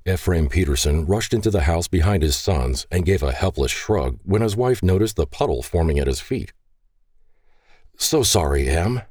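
A man narrating an audiobook in a measured, expressive storytelling manner. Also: low voice, no echo, studio quality. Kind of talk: scripted narration.

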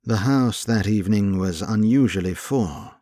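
Here a man with a rather low voice reads audiobook narration from a script, measured and even in his storytelling, with clean studio audio and no echo.

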